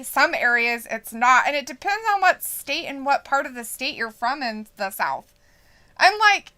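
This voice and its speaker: A woman's voice: sits high, sharp tone. A woman from Idaho co-hosting a wrestling watch-along stream, chatting casually, reading out the live chat and laughing often.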